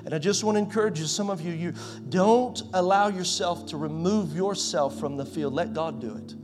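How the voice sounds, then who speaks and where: A pastor in his forties preaching a sermon in a conversational way, swinging from loud to soft. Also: high-pitched, normal speed, music in the background. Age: 40s.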